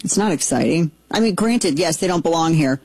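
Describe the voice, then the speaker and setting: Excitable sarcastic woman hosting a talk show. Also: deep voice, fairly quick, slightly rough, no room sound, low-quality recording. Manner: excitable, sarcastic, jumps into mock voices. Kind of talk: casual commentary chat.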